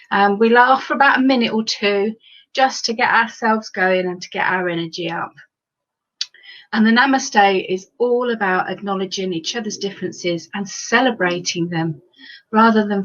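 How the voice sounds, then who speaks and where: A woman leading a laughter yoga class, explaining the exercises in a warm, encouraging way with a few fillers. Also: medium pitch. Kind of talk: guided exercise class instruction. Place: indoors at home, on a video stream. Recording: slightly dull lo-fi sound.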